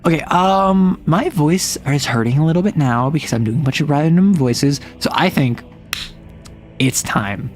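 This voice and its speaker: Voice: medium pitch, animated, normal speed, few pauses, a little mellow, faint music behind. A young adult livestreamer chatting casually at home, rambling with fillers and self-corrections. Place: home room with roommates nearby.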